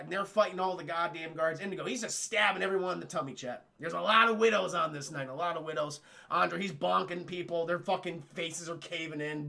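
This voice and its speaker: Animated, swearing young man recapping a film. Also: a little high, creaky. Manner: animated, swears a lot, acts out lines in quick put-on voices. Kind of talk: profane comic film recap to live chat.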